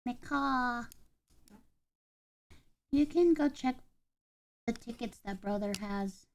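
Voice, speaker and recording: A woman chatting casually while assembling a craft kit, deadpan and ironic, claiming to be calm before bursts of swearing. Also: on the high side, slow pace, a little hiss or hum. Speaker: vlogger building a craft kit.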